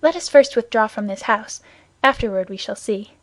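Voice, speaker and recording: A woman's voice: fairly high pitch, normal speed, dry recording, natural voice. A woman voicing an earnest, gallant young male guardsman in an audiobook, reassuring and commanding.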